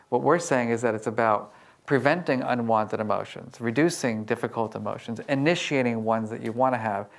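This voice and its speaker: A man giving a storytelling talk to a live audience about emotional intelligence, lively and acting out quoted dialogue. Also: mid-range voice. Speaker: emotional intelligence researcher and speaker.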